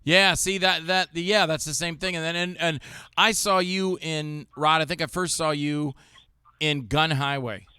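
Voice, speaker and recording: A man hosting a casual talk show, telling animated stories and acting out what others said. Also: fairly high pitch, a little slow, clear, resonant tone, no echo, clean studio sound. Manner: animated storyteller, acts out quotes of others. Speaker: show host. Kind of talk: casual chat with jokey impressions.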